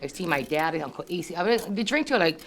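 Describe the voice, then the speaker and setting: A woman's voice: on the low side, animated, quick pace, a bit bright, a little hiss or hum. A woman in her sixties with a Hawaii local English accent, telling family stories at a reunion in a chatty way, laughing often and acting out her relatives' voices. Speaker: family member sharing memories. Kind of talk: casual storytelling.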